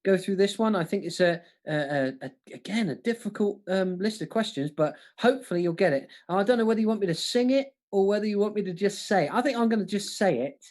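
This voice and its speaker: A panto comic co-hosting a livestream music quiz, jokey and chatty, often stumbling and restarting. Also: male voice, high-pitched, lively intonation, fast, hardly any pauses, a little mellow.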